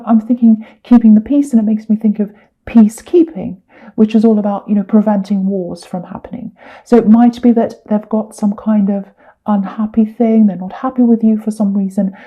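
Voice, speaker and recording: Woman, tarot reader, casual and rambling, repeats herself, self-correcting, slightly dull lo-fi sound. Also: mid-range voice. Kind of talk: casual tarot reading to camera.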